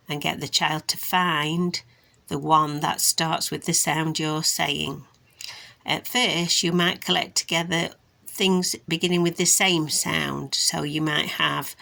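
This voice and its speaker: A woman speech and language therapist from England, teaching parents sound awareness games in a slow, careful way and stretching out words to model them. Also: low voice, flat delivery, gravelly, pushed and bright. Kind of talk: instructional demonstration for parents.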